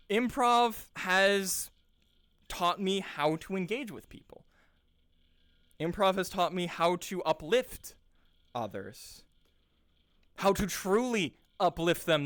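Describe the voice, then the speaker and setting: A man's voice: high-pitched, a bit bright, smooth, dry recording. A young man, an improv teacher, talking casually and earnestly with lots of restarts and repeated words. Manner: earnest, enthusiastic, repeats words while searching. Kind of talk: casual rambling monologue.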